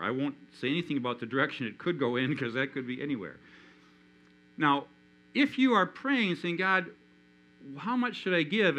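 A man preaching a sermon in a church, animated, acting out the inner voices of his listeners. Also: on the high side, poor audio. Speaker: pastor.

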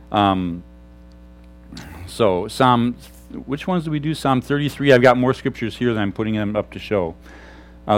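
A middle-aged man, a pastor, preaching an animated sermon on a lapel mic. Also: mid-range voice. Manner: animated, shouts examples.

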